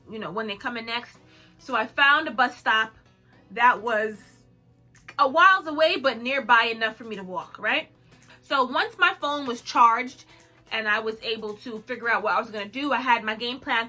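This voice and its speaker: A young woman vlogger telling a story in an animated, dramatic way, laughing often. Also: a little high. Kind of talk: storytime chat.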